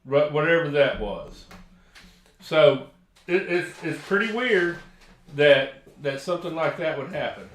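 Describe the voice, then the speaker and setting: A man's voice: fairly high pitch, expressive, a little slow, slight background noise. An older man with a Texan accent, rambling through a story in casual live-stream chat, with restarts and chuckles. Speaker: paranormal investigator co-host. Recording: echoey room.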